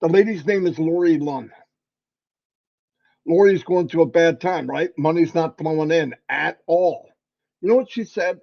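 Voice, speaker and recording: Man, high voice, motivational host, animated, lo-fi muffled audio. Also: measured pace, creaky, long pauses. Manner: animated, preachy, folksy pep talk. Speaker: livestream host. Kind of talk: motivational livestream talk.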